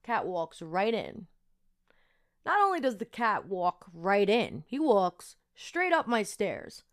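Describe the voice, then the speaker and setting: A young woman tells a personal story on her podcast in a loose, chatty way. Her voice sits at a middle pitch, and she fills her talk with casual fillers as she goes. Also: takes it slowly. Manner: chatty and animated, many fillers. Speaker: podcast host.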